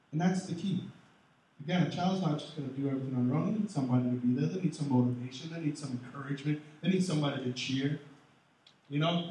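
Animated male pastor in an echoey church. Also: on the high side. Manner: animated preaching, swings loud and soft. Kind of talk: sermon. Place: large church hall. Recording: echoey hall, mic far off.

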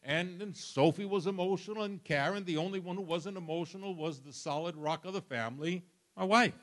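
A man's voice: high voice, a little fast. An older man preaching a sermon, telling stories with humor and sudden jumps in volume. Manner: animated, storytelling with humor and sudden shifts of volume.

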